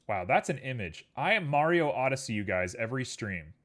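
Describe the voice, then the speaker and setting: His voice is mid-range, sing-song and fairly bright, and he speaks briskly. Streaming live as he works, the man chats casually and playfully with viewers, cracking jokes and rambling off into asides to chat.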